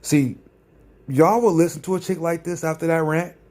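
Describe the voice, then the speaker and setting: A man's voice: fairly high pitch, normal speed, darkish tone. A man ranting in a vlog, sarcastic and combative, often repeating his phrases for emphasis. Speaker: vlogger. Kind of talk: ranting commentary.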